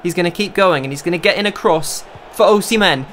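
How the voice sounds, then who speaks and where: A young man narrating his own football video game as a gaming creator, talking to himself and bursting into high shouts when chances come. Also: fast talker, few pauses, slight background noise. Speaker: gaming YouTuber. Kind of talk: live gameplay commentary.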